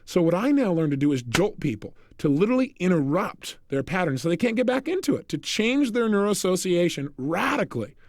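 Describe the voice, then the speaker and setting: A self-help coach speaking to the listener in an energetic, direct recorded lecture. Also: male voice, high-pitched, brisk, few pauses, dry recording, clean studio sound.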